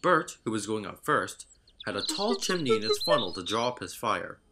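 A man narrating a children's railway story in an expressive reading voice. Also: lowish voice, moderate pace, background noise. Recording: narration over loud music.

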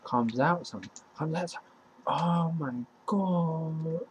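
A young man, casually commentating his own football video game match, excitable and slangy, talking to the game and his opponent. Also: fairly high pitch, takes it slowly, slight background noise, low-quality recording. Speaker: gaming YouTuber.

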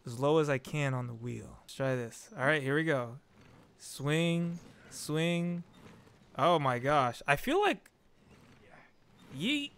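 A man's voice: mid-range voice, slow pace, gravelly, clean tone. A young man commentating his own climbing game on stream, talking to his chat and yelping when he falls. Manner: excitable, talks to chat, yelps when falling. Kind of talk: gameplay commentary.

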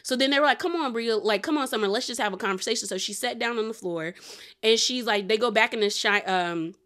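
A young woman casually recapping a reality show episode, chatty and animated, full of "like" and "girl". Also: a little high, fast.

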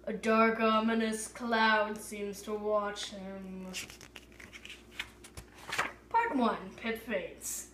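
Bright-voiced woman reading a story aloud. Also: mid-range voice, little pitch movement, extremely slow, pauses often, slight background noise. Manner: unpolished reading with stumbles and fillers. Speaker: reader. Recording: echoey room.

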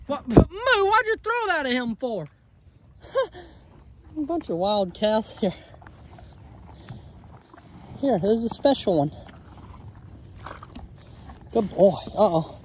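A man's voice: very high voice, very animated, slow pace, pauses often, slight background noise. A man, a homesteader chatting casually in a vlog, coaxing and fondly talking to his animals. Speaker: homesteader vlogger. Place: outdoor pasture.

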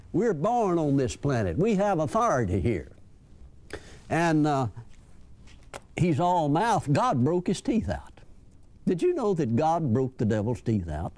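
A man's voice: a little high, darkish tone. An older man preaching a folksy sermon, chuckling and acting out the people he quotes.

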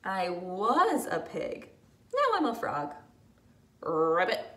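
A woman's voice: medium pitch, huge pitch swings, slow, a bit bright, pitched below the performer's own voice, exaggerated voice. A woman doing a cheerful, patient little pig girl. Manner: matter-of-fact, reassuring. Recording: echoey room, distant mic.

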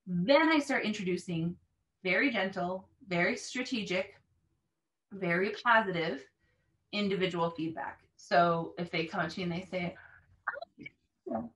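Lady teacher talking through her classroom method, lively, acts out phrases big, mic a bit far off. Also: on the low side, normal speed. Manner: animated, demonstrates phrases with exaggerated intonation. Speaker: language teacher. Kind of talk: explanatory talk on teaching.

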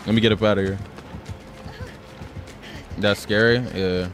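A man's voice: on the low side, fairly even intonation, a little slow, faint music behind. A man streaming a game, telling stories in a loose, profane way and calling everyone "bro". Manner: loose, profane storytelling, says "bro" a lot. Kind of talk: casual gaming commentary.

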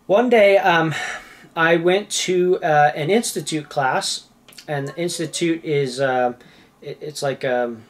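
A man telling a personal story in a casual, animated way. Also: fairly high pitch. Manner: animated, acts out quoted voices.

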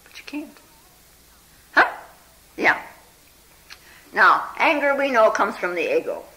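Meditation teacher, bright sharp-edged voice, very lively pitch; conversational talk that keeps checking in with the listeners. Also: poor audio. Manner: often checks in with listeners with "hmm?" and "huh?"; unhurried and conversational, full of "you know". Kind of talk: spiritual talk telling a Zen story.

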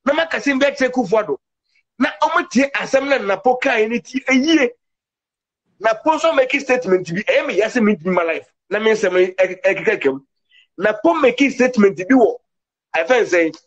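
A man's voice: high voice, lively intonation, normal speed, dull audio. A man giving an impassioned political commentary, emphatic, with English words mixed into his talk.

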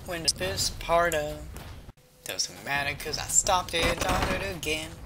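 A gamer plays a video game and talks to themself with profanity and sarcasm, let's-play style, as game music plays. The medium-pitched voice is unhurried, and the background is noisy.

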